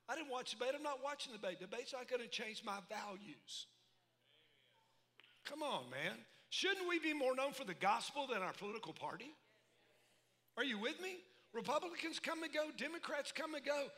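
A man preaching a sermon, folksy and animated, calling out to his congregation. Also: extremely high pitch, a little fast. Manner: animated, folksy preaching with call-and-response asides. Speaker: pastor. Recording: echoey hall reverb.

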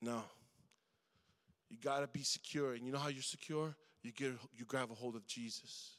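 A man's voice: mid-range voice, fairly even intonation, normal speed, a bit bright. A middle-aged man preaching a sermon to young people in a conversational way, calling on the crowd to answer. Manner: conversational, calls for responses from the crowd. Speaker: guest preacher at a youth service. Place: church hall. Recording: long hall reverb.

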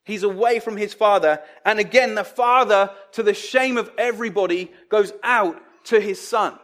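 A man delivers a sermon with a fairly high-pitched voice. He preaches conversationally but with emphasis, and now and then he acts out the voices he quotes. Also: normal speed, fairly bright tone.

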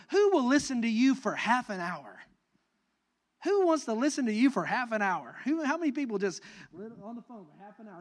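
A young adult man preaching a sermon as pastor, animated and building to emphatic, near-shouted peaks. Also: extremely high pitch, moderate pace.

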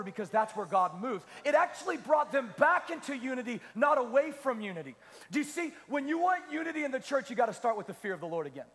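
A male pastor with a high, light voice preaches with rising energy, repeating phrases and tossing questions out to the room. His voice carries a long hall reverb around it. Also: fairly quick. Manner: energetic, repetitive preaching with call-and-response questions. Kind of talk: sermon.

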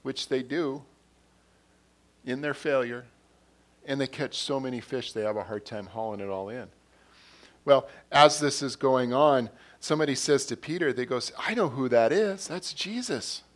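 A man delivering a sermon at a middle pitch, talking it through in a conversational way. He retells scenes by acting out bits of dialogue and often doubles back on his words as he goes. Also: normal speed. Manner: repeats and restarts words. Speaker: pastor.

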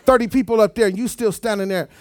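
Male preacher, very high voice, emphatic and repetitive, dry close sound. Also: fairly even intonation, fast, darkish tone, no echo, some chatter behind. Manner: emphatic, repeats words, talks straight to the congregation. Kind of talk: sermon.

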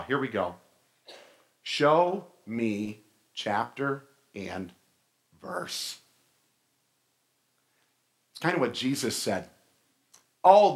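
A male pastor preaching a sermon in a church, animated and asking his congregation questions. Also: medium pitch. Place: church sanctuary.

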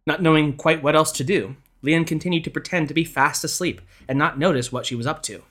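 A man narrates a scripted ghost story for a podcast. His reading is measured and expressive, and his voice sits a touch higher than most men's.

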